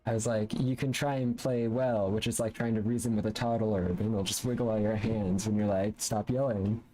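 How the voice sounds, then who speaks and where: A man's voice: lowish voice, steady tone, normal speed, mellow, soft background music, rough recording. A man streaming a fighting game, rambling playfully with many fillers over his own play. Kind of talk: casual gaming commentary. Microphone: studio condenser mic.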